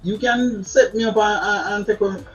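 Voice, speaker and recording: A man's voice: high voice, fairly even intonation, moderate pace, muffled recording, soft background music. A man with a Jamaican accent giving casual advice to his viewers, chatty, laughing often and repeating words. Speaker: channel host. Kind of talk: casual advice talk to camera.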